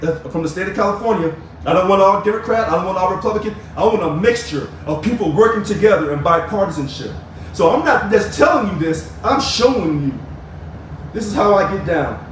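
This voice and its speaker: A man's voice: high-pitched, a little hiss or hum. A man giving emphatic, preachy political commentary straight to camera while showing his ballot. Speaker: video blogger. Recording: very echoey room.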